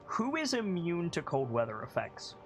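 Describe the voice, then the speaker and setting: A man's voice: on the high side, huge pitch swings, moderate pace, faint music behind. A man narrating and running a tabletop game as game master, casual and hesitant with fillers.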